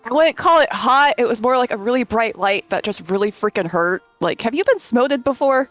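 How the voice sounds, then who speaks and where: A woman's voice: on the high side, lively intonation, brisk, soft background music. A woman player chatting playfully during a tabletop game. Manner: playful, laughing. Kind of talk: casual tabletop game chat.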